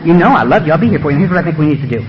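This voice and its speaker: A man voicing a whispering male beast of addiction that coaxes and wheedles in a low, hushed voice. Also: lively intonation, very fast, background noise, close to an everyday voice. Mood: wheedling. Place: meeting room. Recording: dull lo-fi recording.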